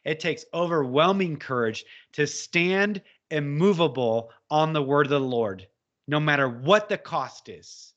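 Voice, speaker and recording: Man, fervent exhorting talk, bright tense voice, slightly high, dull lo-fi sound. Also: unhurried. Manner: impassioned, exhorting, rising to shouts when quoting. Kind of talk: fervent preaching conversation. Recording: dull lo-fi audio.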